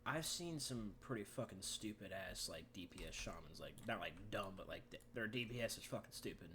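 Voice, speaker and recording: A man's voice: fairly low pitch, expressive, bright, forceful tone, a little hiss or hum. A man co-hosting a casual gaming podcast, rambling and swearing freely. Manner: profane, rambling, quick reactions. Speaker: podcast co-host.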